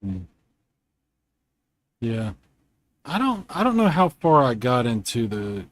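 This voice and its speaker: A man hosting a casual video game chat from home, rambling and quick to laugh. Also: mid-range voice, very animated. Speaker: host.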